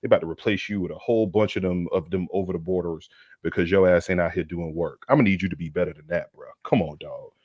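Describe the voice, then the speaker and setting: Man, low voice, dry close sound, slangy comedic sports rant host. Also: fast talker, no echo, muffled recording. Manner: animated, slangy, preachy mock lecture. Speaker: podcast co-host.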